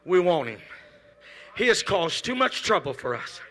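A man preaching a Pentecostal sermon, moving from shouted calls to hushed storytelling, repeating phrases and speaking in tongues. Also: big pitch swings, normal speed. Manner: swings from shouted exhortation to low hushed storytelling. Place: church service.

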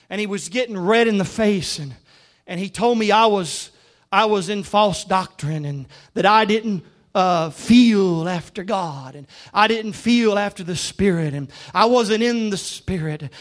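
A man preaching a sermon, moving between conversational storytelling and shouted emphasis. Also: high voice.

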